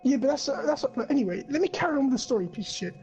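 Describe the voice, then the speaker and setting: A man's voice: extremely high pitch, expressive, rapid-fire, darkish tone, lo-fi sound, slight background noise. A young man on a podcast, rambling through a crude story and swearing a lot. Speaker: podcast co-host. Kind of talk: casual chat.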